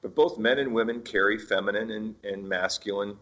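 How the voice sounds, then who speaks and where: An older man hosting his own radio show, giving a gentle spiritual talk with many pauses and fillers. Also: lowish voice. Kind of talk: reflective solo talk. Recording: dull lo-fi sound.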